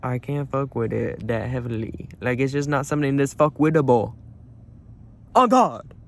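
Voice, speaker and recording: Brief: young male vlogger, mid-pitch, self-mocking chatter with sudden loud outbursts, phone mic outdoors, faint noise. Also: steady tone, brisk, vocal fry. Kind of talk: casual vlog. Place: outdoors by a car at night.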